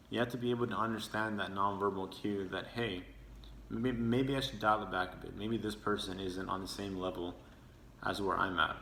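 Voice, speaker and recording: A man's voice: fairly low pitch, vocal fry, sharp tone, slight background noise. A young man giving a persuasive speech to his class, earnest and sometimes acting out tones of voice to make his points. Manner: earnest, demonstrating with his own tone. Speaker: student speaker. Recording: echoey room with faint ambience.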